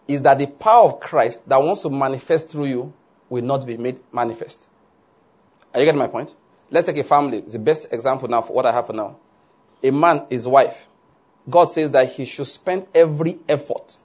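A man preaching a sermon to his congregation, animated, often asking whether they follow and laughing along. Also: medium pitch, husky. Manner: animated, asks "are you getting my point?" often, laughs along. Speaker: pastor.

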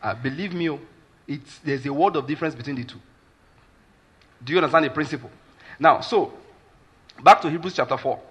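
A man's voice: fairly high pitch, fairly quick, pauses often, fairly bright tone, slightly rough. A man with a Nigerian accent preaching a sermon as a pastor, emphatic and repeatedly checking that listeners follow his point, with Pidgin asides.

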